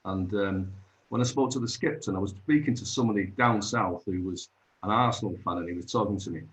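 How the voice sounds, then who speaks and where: A man's voice: lowish voice, fairly quick, low-quality recording. A man, hosting an open mic over a video call and chatting in a rambling, storytelling way. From Manchester, England. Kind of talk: casual chat.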